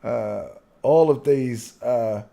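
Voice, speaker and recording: A man's voice: medium pitch, drawn-out words, creaky, mellow. A man hosting his channel, rambling through casual commentary in a swearing, easily giggling manner. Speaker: channel host.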